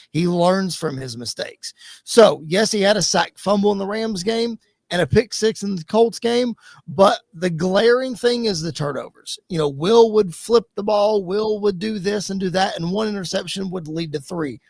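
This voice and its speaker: A man's voice: high voice, moderate pace, gravelly, a little mellow, dry recording. A man appearing as a guest podcast host, giving earnest sports analysis and repeating his key points.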